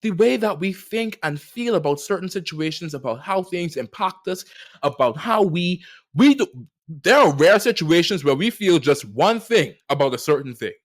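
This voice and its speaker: A young man hosting a solo podcast, talking reflectively and with animated, playful riffs that swing widely in pitch and loudness. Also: normal speed. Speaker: podcast host.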